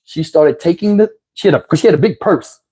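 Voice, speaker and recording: A man hosting his channel, telling a comic story in an animated, profane way and acting out the other voices. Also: fairly high pitch, brisk, husky. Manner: animated, profane, acts out every voice. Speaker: channel host.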